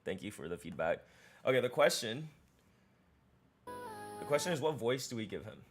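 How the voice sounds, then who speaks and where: A man streaming live, chatting casually and excitedly, often repeating and restarting his words. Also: medium pitch, moderate pace, faint music behind.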